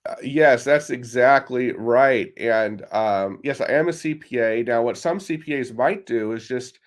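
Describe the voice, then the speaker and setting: A man as an expert guest on a talk show, answering in a steady, explanatory way over a laptop microphone. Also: medium pitch, a little slow. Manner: steady, explanatory, a few fillers. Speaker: tax relief expert guest. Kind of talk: interview answers. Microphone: laptop microphone on a remote call.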